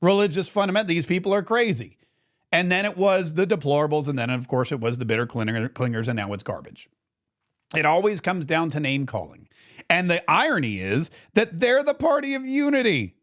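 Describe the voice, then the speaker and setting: A man's voice: a little high, fairly bright tone. A man hosting a political commentary show, telling the story with indignant sarcasm. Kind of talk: opinion commentary monologue.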